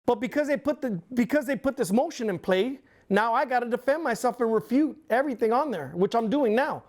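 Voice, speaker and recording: A man's voice: very high-pitched, expressive, brisk. A middle-aged man talks bluntly in an interview, his speech heated and thick with profanity. He tells his story casually, defending himself point by point. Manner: blunt, heated, swears constantly. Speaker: interview guest, former club president.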